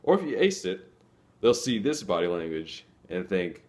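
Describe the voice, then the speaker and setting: A man's voice: deep voice, expressive, moderate pace, a little mellow. A young man giving a casual, conversational explanation as a student presenter, acting out little quoted lines as he goes.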